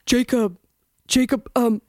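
A woman's voice: fairly high pitch, fairly even intonation, a little mellow, a little hiss or hum. Bella Swan, a stammering flustered teen girl, as a woman puts her on. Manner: stammering, halting.

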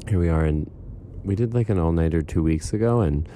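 A young man speaking a relaxed, meandering audio diary outdoors on a fire escape in the morning. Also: deep voice, brisk, slight background noise. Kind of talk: casual personal audio diary.

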